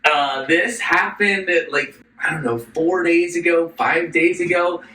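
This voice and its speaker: A man's voice: a little high, steady tone, a little slow, bright, forceful tone. A man co-hosting a casual podcast, telling a rambling story, acting out quotes and laughing a lot. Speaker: podcast co-host. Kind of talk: casual chat. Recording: echoey room, mic at a distance.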